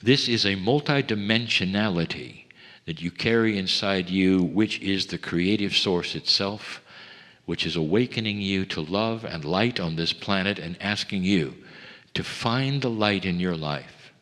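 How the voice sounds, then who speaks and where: Man channeling a spiritual message in a reverberant hall. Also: deep voice. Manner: measured, intimate delivery that sinks to hushed tones. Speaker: channeler addressing a seminar. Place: seminar hall.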